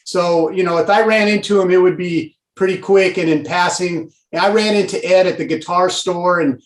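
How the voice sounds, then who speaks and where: A man in his sixties from Pasadena, a guest telling stories in a rambling, animated way with lots of fillers. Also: high-pitched, normal speed, reverberant. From Pasadena, California. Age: 60s. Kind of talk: casual storytelling.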